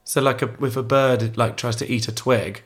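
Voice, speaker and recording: A man's voice: medium pitch, flat delivery, moderate pace. A man co-hosting a podcast, chatting playfully and giggling as he banters. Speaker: podcast co-host. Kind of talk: casual chat.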